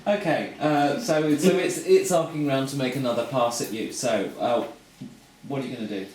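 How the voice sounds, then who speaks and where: A man's voice: medium pitch, moderate pace, a little mellow. A man acting as game master for a tabletop game, narrating the action and explaining rules with many fillers. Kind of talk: running a tabletop game live. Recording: echoey room, far from the mic, noisy.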